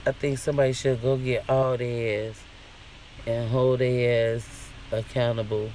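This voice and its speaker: A man's voice: mid-range voice, level tone, measured pace, darkish tone, a little hiss or hum. Guy ranting on his vlog, mad and cussing, keeps asking why, faint cars going by. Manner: indignant, profane, questioning. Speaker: vlogger. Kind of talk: casual commentary rant.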